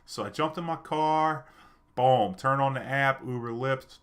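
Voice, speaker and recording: A man's voice: mid-range voice, a little slow. A man telling a personal story to his viewers in a loose, chatty way, full of fillers and restarts. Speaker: streamer and storyteller. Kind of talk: casual storytelling.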